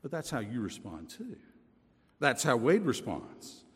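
Male pastor, lively pitch, reverberant sanctuary, conversational preaching full of rhetorical questions. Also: unhurried. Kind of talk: sermon. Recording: long reverb of a large hall.

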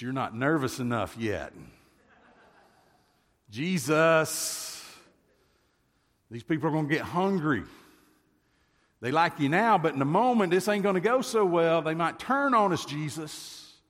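A man's voice: fairly low pitch, animated, a little slow, pauses often. A worried, pleading disciple, as a male preacher puts him on in a sermon. The voice rises a little above the preacher's own, fretting, with a long reverb from a large hall. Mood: fretful. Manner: fretful, pleading.

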